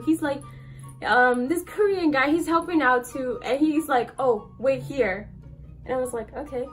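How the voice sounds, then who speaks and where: Young woman vlogger, high bright pitch, excitable and giggly, rambling storytime, soft music underneath. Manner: giggly, excitable, filler-heavy. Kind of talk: casual storytime chat.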